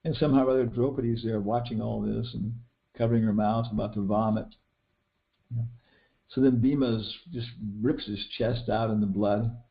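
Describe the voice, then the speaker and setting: A man's voice: lowish voice, steady tone, moderate pace, gravelly. Rambling older man telling an epic story. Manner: rambling, many restarts and fillers, retells film scenes with quoted lines. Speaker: teacher giving a scripture class. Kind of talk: casual scripture class storytelling. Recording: dull lo-fi recording.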